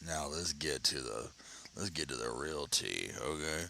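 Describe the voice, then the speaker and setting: A man with a gravelly bass voice speaks at a measured pace from his home computer. Hosting his casual commentary channel, he chats animatedly and reads an article aloud, often stumbling and restarting his sentences.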